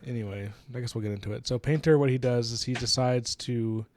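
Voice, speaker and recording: A man's voice: mid-range voice, brisk, a little mellow, slight background noise. A man co-hosting a book podcast, retelling the plot at length in casual chat. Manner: retells the plot at length, acting out characters' lines.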